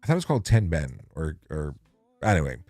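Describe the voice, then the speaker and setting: A man's voice: a bass voice, big pitch swings, quick pace, dark tone, no room sound. A man hosting a casual livestream, chatty and joking, laughing easily. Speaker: show host.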